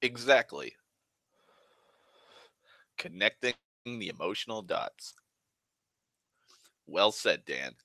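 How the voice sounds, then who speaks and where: Low-voiced rambling young man. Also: sing-song, takes it slowly, long pauses, sharp tone, dry recording. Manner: rambling, full of "like", restarts and swearing. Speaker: online show host. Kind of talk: casual rambling monologue.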